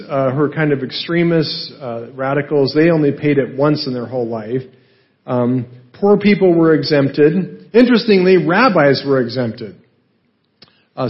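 A male pastor teaching a Bible passage in a relaxed, conversational way, asking rhetorical questions and often adding "right?". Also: fairly high pitch, muffled recording.

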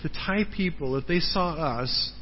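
A man's voice: on the high side, unhurried, slight background noise. A man preaching a sermon as a pastor, earnest, repeating words for emphasis and often checking in with the congregation. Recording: dull sound in a large reverberant hall.

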